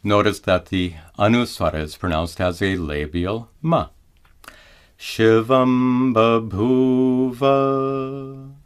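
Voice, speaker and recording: A man teaching mantra pronunciation in a careful scripted lesson, slowing down to chant each example. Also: low voice. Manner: slow, careful explanation with drawn-out chanted examples.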